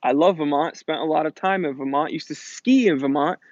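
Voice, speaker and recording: A man in his thirties from New England hosts a casual live Q&A, joking as he reads out viewer comments and answers chat questions. His voice is a little high and fairly quick, recorded dry with dull audio.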